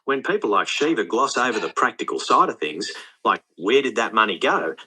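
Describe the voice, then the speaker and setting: A male AI voice with an Australian accent lectures with confidence. His tone is very bright and slightly husky. His pitch rises and falls in wide swings. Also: very animated, fairly quick, poor audio. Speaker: AI voice assistant. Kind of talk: synthetic commentary.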